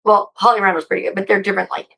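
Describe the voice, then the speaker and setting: A woman being interviewed, talking in a rambling, excitable and profane way. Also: medium pitch, racing, vocal fry, poor audio. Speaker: interview guest. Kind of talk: casual interview chat.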